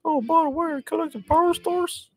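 Woman putting on a squeaky cartoon-mouse mushroom helper. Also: moderate pace, a little mellow, faint music behind, poor audio. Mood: chipper. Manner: reading on-screen hints aloud in character. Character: squeaky little male mushroom helper, cheerful.

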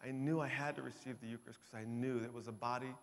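A middle-aged man speaking at a conference, giving an emotional testimony that swings from hushed to loud. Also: mid-range voice, steady tone, quick pace. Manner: emotional, builds from quiet to loud. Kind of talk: testimony talk. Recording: long hall reverb.

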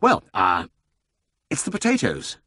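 A man's voice: medium pitch, huge pitch swings, unhurried, sharp tone, no echo, studio quality, voice pushed up, exaggerated voice. A man voicing a breezy, sheepish young man in an audiobook. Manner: light, sheepish.

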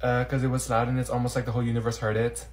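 In a mid-range, monotone voice, a male sketch comedian flips quickly between a number of schoolgirl characters in short skits, now and then bursting into sassy shouts.

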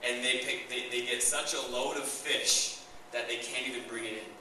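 A man's voice: mid-range voice, steady tone, normal speed, pushed and bright, slight background noise. A young man preaching a sermon as pastor, enthusiastic and conversational, recorded in a church hall. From Canada. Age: young adult. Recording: echoey church hall, mic far off.

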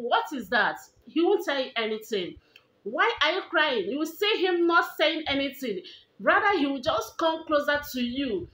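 High-pitched Nigerian woman vlogging, echoey room. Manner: chatty, animated, repeats herself for emphasis. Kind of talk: casual advice vlog.

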